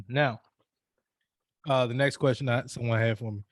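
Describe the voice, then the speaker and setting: A man in relaxed conversation, preaching his rules with loose, profane storytelling and constant restarts. His voice sits at an ordinary pitch. The recording is dry and close. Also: measured pace, dry recording. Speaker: podcast co-host. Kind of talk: casual chat giving advice.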